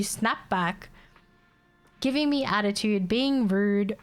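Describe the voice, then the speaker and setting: A woman's voice: mid-range voice, animated, moderate pace, soft background music. A woman streamer telling a story to her chat in a casual way, exasperated, swearing freely and laughing often.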